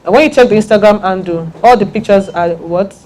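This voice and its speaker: A woman giving a lively branding talk to an audience, repeating her key points with emphasis. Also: medium pitch, fairly quick.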